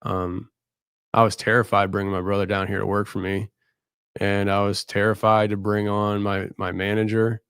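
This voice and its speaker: A tired man hosting a late-night live show, talking in a halting, rambling, candid way. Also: fairly low pitch, flat delivery, a bit bright, smooth, dry recording, clean studio sound. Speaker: podcast host.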